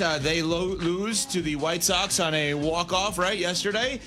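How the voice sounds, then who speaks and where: Emphatic higher-voiced man hosting sports radio. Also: normal speed, few pauses, sharp tone, soft background music. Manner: emphatic, argues both sides.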